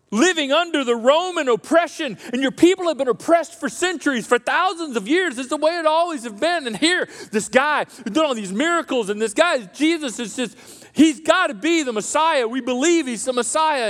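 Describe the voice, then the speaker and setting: A man preaching a sermon as pastor, animated and acting out the voices of the crowd. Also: extremely high pitch. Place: church auditorium. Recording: reverberant church hall.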